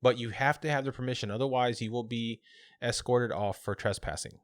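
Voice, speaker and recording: A man co-hosting a podcast, casually telling a local legend with relaxed fillers and restarts. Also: mid-range voice, brisk, no room sound, studio quality. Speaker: podcast co-host.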